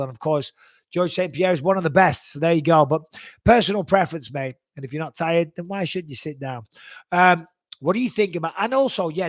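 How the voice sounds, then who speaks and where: A man's voice: fairly high pitch, no echo. Blunt, swearing man. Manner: blunt, profane, animated storytelling. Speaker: host answering viewer questions. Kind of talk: live Q&A chat.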